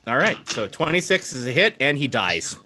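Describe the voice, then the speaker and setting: Lively, teasing game master. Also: male voice, mid-range voice, moderate pace, noisy background. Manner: playful, teasing, animated. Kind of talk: narrating a tabletop game.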